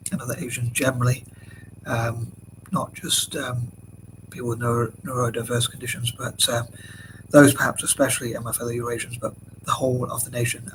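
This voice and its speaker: A man speaks in a flat, even voice, hardly moving his pitch as he rambles through a solo monologue. He hesitates often and keeps correcting himself mid-sentence. A constant hiss of background noise sits under the recording. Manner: hesitant, many fillers and self-corrections. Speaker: video blogger.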